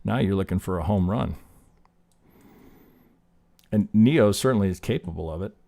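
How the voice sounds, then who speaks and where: A man's voice: low voice, lively intonation, moderate pace, creaky, mellow. Casual man talking through trading charts. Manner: loose and chatty, swears, gets fired up. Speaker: trading stream host. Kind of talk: live chart analysis, casual teaching.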